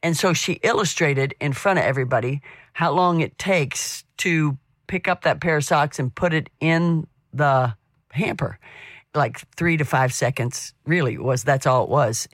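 A woman's voice: low voice, measured pace, dry recording. A middle-aged woman talks to her radio listeners in a chatty, anecdotal manner and tells homey stories about daily life. Her voice is recorded close and dry, with no room sound around it. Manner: chatty and anecdotal, warm storytelling with restarts. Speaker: radio program host. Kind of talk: devotional radio talk.

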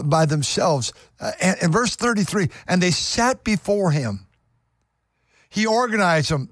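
A man's voice: on the high side, dry recording, clean studio sound. A man preaching a sermon, reading verses aloud and repeating phrases with emphatic rising emphasis.

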